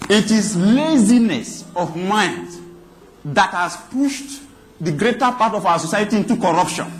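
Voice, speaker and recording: A man's voice: high voice, fairly bright tone, slight background noise. A man preaching a sermon, emphatic and repeating phrases for stress.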